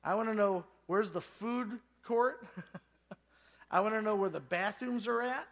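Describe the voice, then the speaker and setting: A man's voice: high-pitched, a little slow. A man preaching a sermon, telling stories and acting out the voices of the people in them. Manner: storytelling, acts out voices and quotes. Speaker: pastor.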